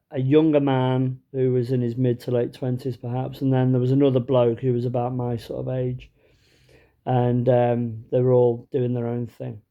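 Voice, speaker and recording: A man's voice: mid-range voice, vocal fry, dark tone, dull audio. Wry chatty man telling a story. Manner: chatty, wry, lots of fillers. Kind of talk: comic anecdote told to camera.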